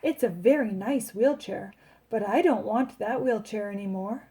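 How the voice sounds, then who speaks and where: A woman's voice: mid-range voice, moderate pace, dark tone, close to an everyday voice. A woman reading a children's story aloud, voicing a confident young girl in a plucky, matter-of-fact way.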